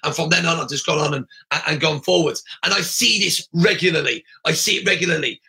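A man's voice: on the high side, fairly quick, vocal fry, pushed and bright. A middle-aged man coaching martial arts school owners in a blunt, emphatic podcast monologue, often raising his voice and repeating himself.

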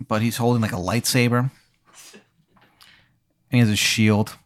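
Crude rambling game master. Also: male voice, mid-range voice, little pitch movement, moderate pace. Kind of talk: narrating a tabletop game, casual and profane.

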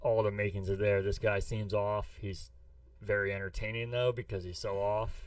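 A man's voice: on the low side, level tone, normal speed, recorded from a distance. A man from the US Midwest, co-hosting a podcast, chatting casually in a rambling, profane storytelling way. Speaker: podcast co-host. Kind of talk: casual chat.

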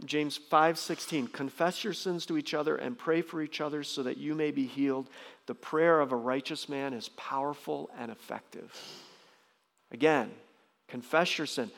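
A man preaching a sermon as pastor, emphatic, often jumping into loud, high bursts. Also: fairly even intonation, normal speed, creaky. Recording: long reverb of a large hall.

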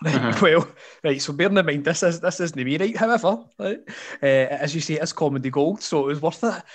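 A man's voice: on the high side, fairly quick. Chatty Scottish man spinning a yarn. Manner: animated, laughs often, lots of fillers and asides. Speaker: podcast guest storyteller. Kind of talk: casual anecdote telling.

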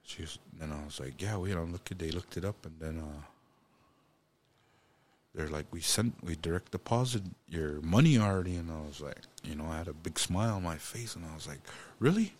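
Low male voice, halting storyteller with many restarts, faint background noise. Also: a little mellow. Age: adult parent. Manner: speaks of God and blessing. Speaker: guest. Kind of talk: personal storytelling.

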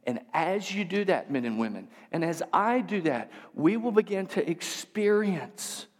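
A man preaching a sermon as pastor, dropping to near whispers and then building to loud, emphatic repeated phrases. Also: on the high side, breathy edge. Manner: swings from hushed, whispered lines to loud emphatic repetition. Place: church sanctuary. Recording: long reverb of a large hall.

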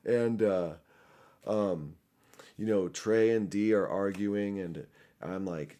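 A man's voice: on the low side, a little slow, warm tone. A young man telling a story casually and animatedly, full of fillers, restarts and swearing. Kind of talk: casual anecdote.

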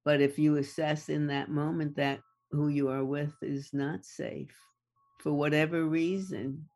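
A guest speaker in a conversation who talks at an unhurried, drawn-out pace. The delivery is measured and deliberate. Key words are repeated for emphasis. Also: medium pitch, level tone, a little mellow. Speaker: guest expert on attachment. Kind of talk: slow, deliberate explaining in conversation.

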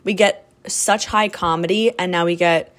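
A woman co-hosting a podcast, chatting casually about a movie, lively and quick to laugh as she acts out scenes. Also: on the low side. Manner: animated, laughs often, acts out quoted lines. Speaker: podcast co-host. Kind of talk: casual chat recapping a movie.

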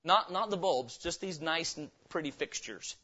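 A pastor preaches with a high, ringing voice in a church. He is emphatic and keeps turning his points into questions for the congregation. The recording sounds dull and lo-fi. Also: animated, normal speed, bright, forceful tone. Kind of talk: revival sermon. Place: church sanctuary.

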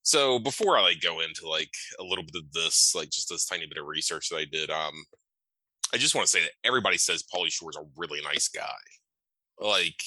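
A man's voice: sits low, expressive, brisk, bright, forceful tone, no echo, rough recording. A man co-hosting a podcast in casual chat, rambling with many fillers and casual swearing. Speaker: podcast co-host.

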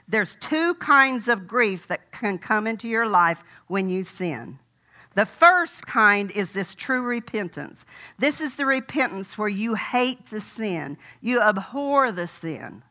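A woman's voice: mid-range voice, expressive, a little slow, sharp tone. An older woman preaching a sermon in a folksy, conversational way, telling a personal story.

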